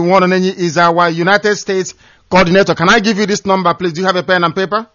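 On his call-in radio program, a male host talks fast in a high, somewhat bright voice with fairly even intonation, passionately hammering words through repetition. There's no echo, just a dull, dry, lo-fi recording.

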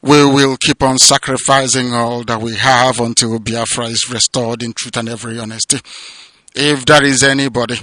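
A man delivering an impassioned political radio address, declamatory and sermon-like, swinging between loud proclamations and hushed emotional passages. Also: mid-range voice, fairly even intonation, normal speed, no echo. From southeastern Nigeria. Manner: repetitive, sermon-like cadence. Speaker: radio broadcaster and movement leader. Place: abroad, away from home.

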